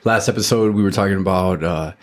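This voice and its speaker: A man's voice: low-pitched, fast talker. A man hosting a faith podcast, talking casually and rambling with lots of fillers and restarts. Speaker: podcast host.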